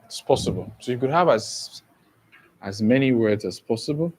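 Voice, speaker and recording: A man's voice: medium pitch, lively intonation, darkish tone, low-quality recording. A man teaching an exam-prep lesson. He spells words out letter by letter and keeps asking whether the class understands. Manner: slow and deliberate, spells words letter by letter and often checks understanding. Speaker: English teacher.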